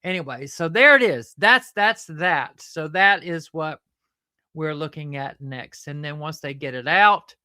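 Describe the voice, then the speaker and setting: A woman who hosts a show with her puppet and chats in a rambling, halting way. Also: low-pitched, pushed and bright, dry recording, studio quality. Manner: rambling, halting, fond of fillers. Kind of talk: casual chat.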